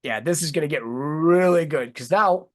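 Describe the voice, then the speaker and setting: A man's voice: fairly high pitch, normal speed. A man hosting a casual talk show, talking in long, heated, rambling runs and swearing freely. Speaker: host.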